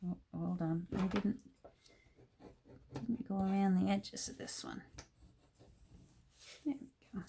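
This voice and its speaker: At her home craft table, a middle-aged Canadian woman works on a handmade journal while chatting casually and rambling, often trailing off mid-sentence. Her medium-pitched voice is steady and dark-toned with vocal fry, and she speaks slowly with long pauses. There's slight background noise.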